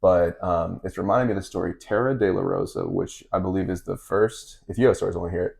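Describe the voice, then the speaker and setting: Low gravelly fast-talking man. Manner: storytelling, relaxed and chatty. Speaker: podcast host and fight coach. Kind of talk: casual podcast chat.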